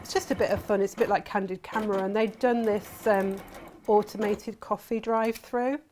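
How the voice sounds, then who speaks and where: A woman hosting a crafting workshop chats and tells stories while sewing, laughing often. Her mid-range voice is brisk and darkish with fairly even intonation, and there's slight background noise.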